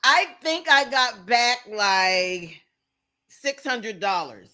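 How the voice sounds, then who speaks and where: A woman co-hosting a podcast, telling a story in casual chat, blunt and animated and laughing often. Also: on the high side, very slow. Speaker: podcast co-host.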